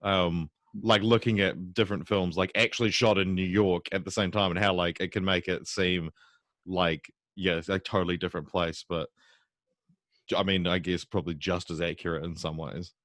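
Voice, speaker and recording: A man's voice: sits low, fairly even intonation, moderate pace, a bit bright, no echo. A man from New Zealand with a New Zealand accent, co-hosting a casual podcast over a video call with laid-back, dry remarks. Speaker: podcast co-host.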